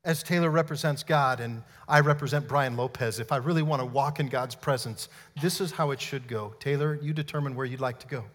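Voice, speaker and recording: Energetic pastor in a reverberant hall. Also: male voice, medium pitch. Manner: energetic, playful, demonstrating on stage. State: out of breath. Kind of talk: sermon. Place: church hall.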